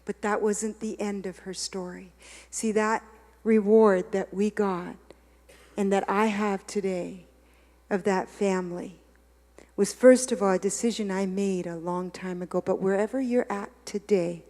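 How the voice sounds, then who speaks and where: A woman giving a confessional sermon, dropping to a hush and rising to loud preaching. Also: medium pitch, steady tone, a little slow, big-room sound. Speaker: guest speaker. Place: church hall.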